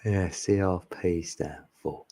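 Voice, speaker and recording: A man's voice: sits low, slow pace, warm tone. A man, chatting casually with viewers on a live stream, laughing often and teasing them.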